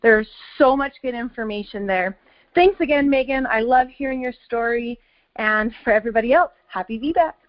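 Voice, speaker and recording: A woman's voice: a little high, normal speed, dull audio. A woman co-hosting a podcast, giving an upbeat wrap-up for listeners. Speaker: podcast co-host. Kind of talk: podcast outro.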